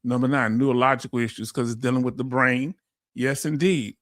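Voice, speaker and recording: A man from Houston with a Houston, Texas accent, hosting a casual live-stream explainer in an energetic, folksy way and calling his audience family. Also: mid-range voice, a little fast, no echo, studio quality. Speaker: host.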